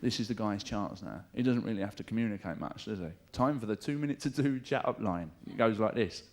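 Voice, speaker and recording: Swearing stand-up comic, lively pitch. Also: male voice, brisk, creaky, slight background noise. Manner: swearing, chatty, mimics voices for jokes. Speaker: stand-up comedian. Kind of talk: live stand-up comedy. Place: comedy club stage. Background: audience laughter.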